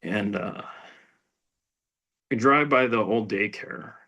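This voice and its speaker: A middle-aged man telling his recovery story in a rambling, halting way, full of restarts and fillers, dropping to a near whisper at painful moments. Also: on the low side, pushed and bright. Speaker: speaker sharing recovery story. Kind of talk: personal testimony at a recovery meeting.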